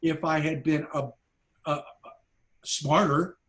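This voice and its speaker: A man recounting filmmaking anecdotes to a class in a loose, lively way, stopping and restarting mid-sentence as he goes. His voice sits a touch higher than most men's, and he slips into the voices of the people in his stories. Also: slow. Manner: animated anecdotes, acts out quoted voices, frequent restarts. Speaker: documentary filmmaker, guest speaker. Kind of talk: casual storytelling to a class.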